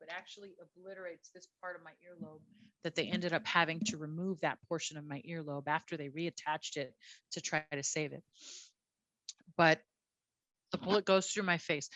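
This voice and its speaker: A woman police officer telling her story as a guest, animated and blunt, often repeating her words. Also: lowish voice, no room sound. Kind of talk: candid personal storytelling.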